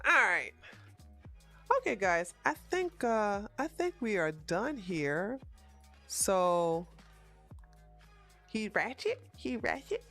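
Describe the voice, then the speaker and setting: A woman's voice: mid-range voice, very animated, slow pace, pauses often, a bit bright, soft background music. A woman hosting a casual livestream, chatting frankly with viewers and reading their comments, with many restarts and laughs. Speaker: livestream host.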